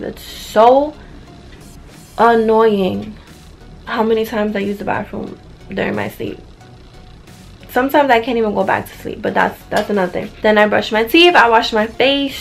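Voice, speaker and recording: A young woman rambles through her morning routine for her vlog, still groggy with sleep. Her voice sits a bit high with a gravelly fry. Faint music plays behind her in the bedroom. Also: a bit bright, low-quality recording. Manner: chatty and rambling, with lots of "like". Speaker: vlogger. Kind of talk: casual get-ready-with-me vlog. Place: bright bedroom.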